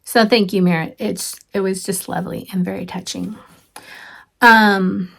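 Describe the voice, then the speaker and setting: Home craft vlogger, woman; unhurried, gravelly, gushing show-and-tell with soft asides. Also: mid-range voice, steady tone. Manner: chatty, gushing, with frequent ums and soft asides. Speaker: cross-stitch vlogger. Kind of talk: casual show-and-tell chat.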